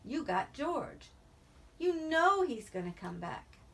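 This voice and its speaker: A woman's voice: sits high, very animated, slow, gravelly, pitched above the performer's own voice, heavily acted. A woman voicing a lonely, bitter older male ranch hand, with an earnest, probing rural drawl in an audiobook reading.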